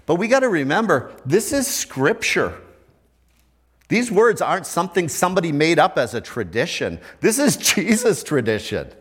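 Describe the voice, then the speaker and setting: Older male pastor; relaxed, conversational preaching with questions to the congregation. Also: fairly high pitch. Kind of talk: sermon.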